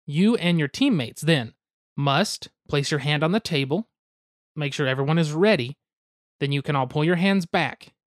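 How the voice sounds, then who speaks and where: A man's voice: fairly high pitch, lively intonation, normal speed, no echo, studio quality. Young man explaining game rules casually. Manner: goofy asides, hedging, explains rules step by step. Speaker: podcast host explaining board games.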